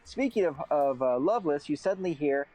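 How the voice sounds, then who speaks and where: A man running a tabletop game, slightly higher-pitched than most, with a lively, swinging delivery. He is laid-back and laughs easily with his players. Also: fairly quick, soft background music, rough recording. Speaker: game master.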